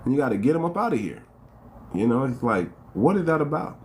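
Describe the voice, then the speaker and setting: A man's voice: mid-range voice, very animated, fast talker, darkish tone, slight background noise. A man from the United States hosting a casual livestream, talking straight to his viewers, repeating phrases and firing off one rhetorical question after another. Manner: calls out to viewers by name. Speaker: livestream host.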